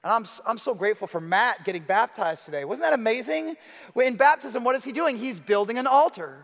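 High-voiced pastor preaching in a hall. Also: male voice, lively intonation, brisk. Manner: dramatic, shifts between hushed and emphatic. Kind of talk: sermon. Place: church hall. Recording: reverberant hall.

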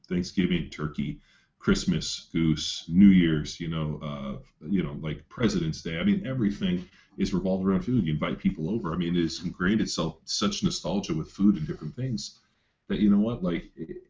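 Deep low guy rambling casual, cusses a lot, tons of ums, kinda dull lo-fi audio. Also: normal speed, a little mellow. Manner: rambling, swears freely, many fillers. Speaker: coach telling a client story. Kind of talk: casual podcast chat. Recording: dull lo-fi sound.

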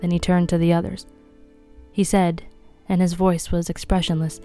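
A woman reading a mystery novel aloud in a measured, even way. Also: fairly low pitch, soft background music. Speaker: audiobook reader.

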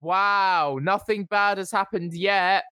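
A man's voice: high voice, fairly even intonation, takes it slowly, clean tone, dry recording. Sarcastic young man, dry close sound. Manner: sarcastic, breaks into loud whooping. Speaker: podcast co-host. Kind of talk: casual comedic chat. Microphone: podcast mic.

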